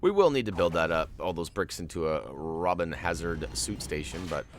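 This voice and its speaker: A man's voice: low-pitched, animated, normal speed, slight background noise. A man hosting a video game walkthrough, chatting casually and joking with viewers. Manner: jokey, chatty, talks to viewers. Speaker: gaming walkthrough host.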